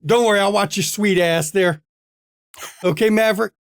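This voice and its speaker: A man's voice: sits high, moderate pace, vocal fry. A man game master voicing a swaggering, bow-legged male vampire who flirts crudely, with a brash, teasing drawl. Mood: cocky. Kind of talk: tabletop role-play voicing.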